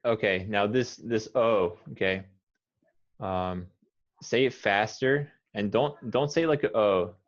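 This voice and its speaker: A man with an American accent teaching English pronunciation one-on-one, modelling words slowly and repeating them patiently. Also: on the low side, highs cut off.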